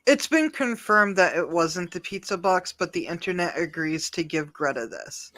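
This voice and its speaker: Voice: medium pitch, lively intonation, normal speed, a bit bright. A podcast co-host chatting casually and bluntly. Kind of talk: casual chat.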